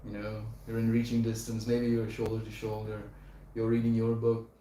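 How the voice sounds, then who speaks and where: A man's voice: lowish voice, completely flat delivery, moderate pace, warm tone, a little hiss or hum. A young man hosting a casual live stream, reading viewer comments and chatting in a laid-back way, often laughing and calling people dude and bro. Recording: echoey room.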